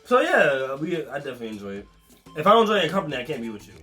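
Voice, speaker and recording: A man's voice: a little high, sing-song, racing, bright, forceful tone, faint music behind. A man chatting loosely with his girlfriend in a couple vlog, slangy and full of swearing. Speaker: vlog co-host, boyfriend. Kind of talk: casual couple chat.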